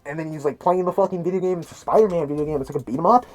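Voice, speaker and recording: A man's voice: a little high, racing, a little mellow. A man giving a rambling, profane movie review on a cheap mic through a mask, his voice slightly muffled and full of restarts. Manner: rambling, restarts a lot, swears, laughs at things. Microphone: cheap mic talked into through a mask.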